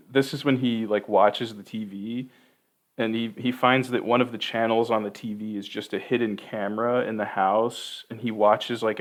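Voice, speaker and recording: Lowish-voiced man rambling through a movie recap. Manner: rambling, profane, heavy on fillers. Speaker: podcast host.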